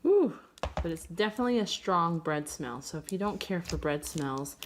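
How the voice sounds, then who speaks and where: A woman talks through her slime reviews in a casual, gushing way. Her voice sits low. Clear crinkling, crunching and clicking play under her words throughout. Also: fairly quick, fairly bright tone, a little hiss or hum. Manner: chatty and gushing.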